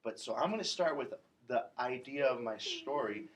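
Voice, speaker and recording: A woman's voice: extremely low pitch, lively intonation, moderate pace. A female teacher leading a vocabulary lesson for second graders, encouraging them with questions. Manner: encouraging, prompting children with questions. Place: classroom with children. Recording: noisy classroom full of children. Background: children chattering.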